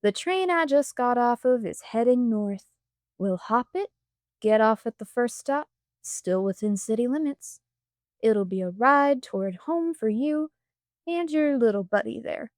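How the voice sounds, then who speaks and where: A woman's voice: a little high, expressive, measured pace, a little mellow, dry recording, studio quality. A woman voicing a young male hobo, a braggart who drawls, mocks and wheedles. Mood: taunting.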